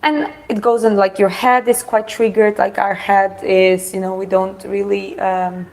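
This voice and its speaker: Halting woman with a gravelly voice. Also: mid-range voice, little pitch movement, darkish tone, low-quality recording. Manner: halting, full of fillers and restarts. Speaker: co-host. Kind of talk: casual chat.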